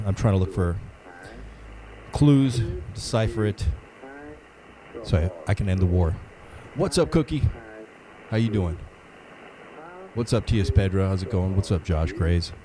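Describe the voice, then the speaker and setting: Deep-voiced man hosting a livestream. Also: rough recording. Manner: greets chat viewers by name, laid-back. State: a little under the weather, sniffling. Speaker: livestream host. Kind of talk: casual livestream chat.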